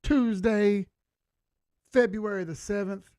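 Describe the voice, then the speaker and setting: A man with a fairly high voice runs a casual livestream chat. He is upbeat and shouts out viewers by name, and the sound is close and dry with little room around it. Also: fairly even intonation, slow, smooth, no room sound. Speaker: livestream host.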